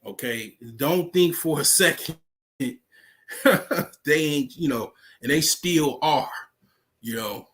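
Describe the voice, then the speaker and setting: A man's voice: fairly high pitch, expressive, takes it slowly, long pauses, fairly bright tone. An American man talking in a casual, rambling monologue, full of fillers and profanity. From United States. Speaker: vlogger.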